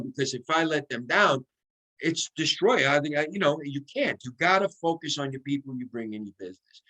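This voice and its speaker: An excitable man coaching a sales team over a video call, his voice sitting a little high. He acts out sample phone calls to show how it's done. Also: poor audio. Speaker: guest sales trainer. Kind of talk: motivational team training talk.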